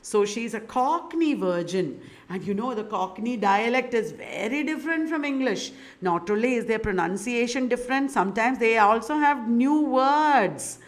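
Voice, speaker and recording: A woman's voice: fairly high pitch, lively intonation, normal speed, few pauses. A woman giving a literature lecture in a chatty way, often laughing and putting questions to her students.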